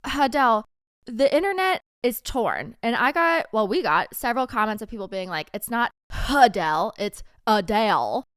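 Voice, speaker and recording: A woman co-hosting a casual chat podcast, talking fast with quick asides and frequent laughs. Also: on the high side, very animated, a bit bright, clear, resonant tone, no room sound, clean studio sound. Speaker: podcast co-host.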